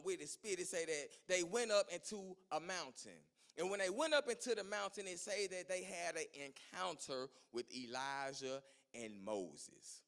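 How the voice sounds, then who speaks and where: Male preacher with a high, gravelly voice, telling Bible stories in loose, folksy sermon style. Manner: retells scripture as lively storytelling in casual vernacular. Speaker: pastor.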